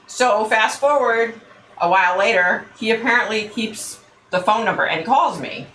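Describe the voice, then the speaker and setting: Middle-aged woman host, bright forceful tone, lowish pitch, animated storyteller, roomy echo. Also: normal speed, long pauses, a little hiss or hum. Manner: animated, laughing often, acts out quotes. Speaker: psychic show host. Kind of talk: casual storytelling. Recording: echoey room.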